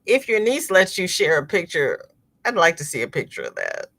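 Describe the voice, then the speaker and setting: A middle-aged woman hosting a crochet livestream, chatting casually with viewers and reading their comments aloud, chatty and expressive, with sudden exclamations. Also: on the low side, moderate pace, vocal fry.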